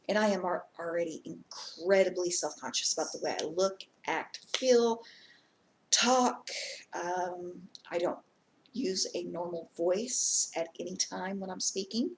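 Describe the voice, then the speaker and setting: A woman's voice: on the low side, a little mellow, a little hiss or hum. A woman vlogger telling a casual story time, chatty and rambling, with many ums and asides.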